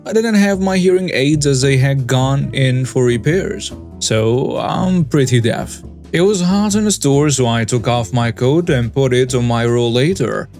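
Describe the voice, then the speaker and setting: A man narrating scripted stories for a story channel at a steady, even pace. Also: medium pitch, a little slow. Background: faint background music.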